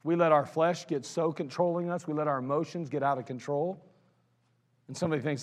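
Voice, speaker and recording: A man's voice: fairly high pitch, fairly even intonation, brisk. A man preaching a sermon as a pastor, blunt and scolding, with mocking asides. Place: church sanctuary. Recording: long hall reverb of a church sanctuary.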